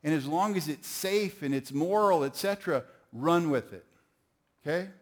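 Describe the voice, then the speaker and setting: Man, middle-aged, preacher, sermon, folksy storytelling, slightly raised pitch. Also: moderate pace. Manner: folksy storytelling, calls on the audience.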